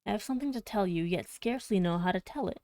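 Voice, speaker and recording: A woman reading an anxious gentleman's letter. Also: medium pitch, quick pace, no room sound, close to an everyday voice. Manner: stumbling over words while reading. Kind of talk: audiobook reading.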